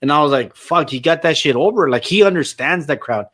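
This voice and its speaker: A man hosting a casual wrestling podcast, talking in an excitable, profane way and slipping Spanish phrases into his English. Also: on the high side, brisk. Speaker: podcast host. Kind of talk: casual chat.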